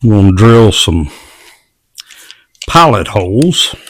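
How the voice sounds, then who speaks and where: Low-voiced man narrating a woodworking build. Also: big pitch swings, slow pace, fairly bright tone, no room sound. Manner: plain, matter-of-fact step-by-step talk. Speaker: homesteader building garden doors. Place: workshop or outdoor work table.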